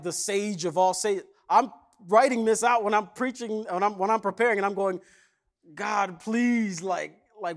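A man preaching a sermon as pastor, retelling a parable in a casual conversational way and acting out the characters' lines. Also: high voice. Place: church.

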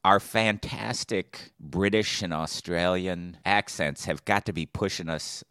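A man's voice: low-pitched, measured pace, pushed and bright, smooth, no echo, clean studio sound. A man co-hosting a podcast in casual chat, joking around and laughing often. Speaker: podcast co-host.

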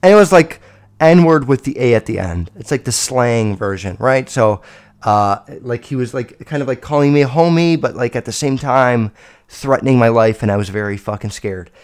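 A man in his twenties hosting a solo podcast, telling stories in a rambling, profane, animated way. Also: mid-range voice, normal speed. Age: 20s. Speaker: podcast host. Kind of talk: casual solo podcast storytelling.

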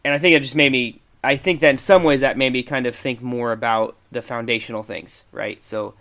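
A man on a podcast talks in an easy, middle-pitched voice. He hedges nearly every thought and leans on fillers as he works out what he means. His voice stays plain and conversational. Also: fairly even intonation, a little fast, pushed and bright. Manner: tentative, hedging with many fillers. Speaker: podcast co-host. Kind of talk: reflective podcast discussion.

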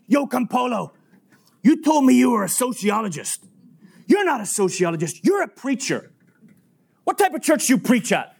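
A male preacher voicing a brash, hearty man who owns a diner, talking loudly and coaxing in a retold story. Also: high voice, lively intonation, fairly quick, gravelly, hardly any pauses, husky, voice pushed up, exaggerated voice.

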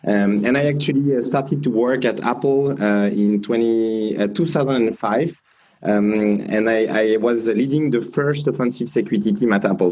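A man from France with a French accent, a company founder answering interview questions in measured speech full of fillers. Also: on the low side, darkish tone, low-quality recording. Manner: measured, many fillers and restarts.

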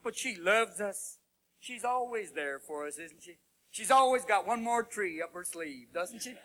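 A man performing a comedy sermon as a manic evangelical preacher, booming and preachy with shouted exclamations. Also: expressive, measured pace. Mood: preaching. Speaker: stand-up comedian. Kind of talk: comic sermon parody. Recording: live show with loud crowd and noise.

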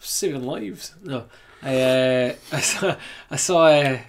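A man chats loosely on a podcast, rambling through an anecdote with restarts and laughter along the way. His voice sits at an ordinary middle pitch for a man. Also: takes it slowly. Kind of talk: casual chat, anecdote telling.

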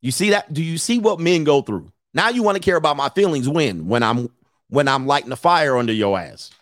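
A man's voice: on the high side, lively intonation, a little fast, a bit bright, dry recording, studio quality. A man hosting a live stream as a life coach, ranting bluntly and profanely, laughing between points, repeating phrases, and answering viewers' super chats. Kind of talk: casual livestream rant answering super chats.

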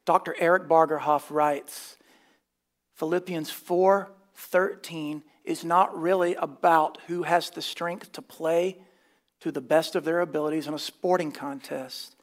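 A man's voice: on the high side, steady tone, unhurried. A man preaching a sermon, emphatic and dryly scornful, mixing plain teaching with wry asides. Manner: emphatic, scornful of false teaching, dry humor.

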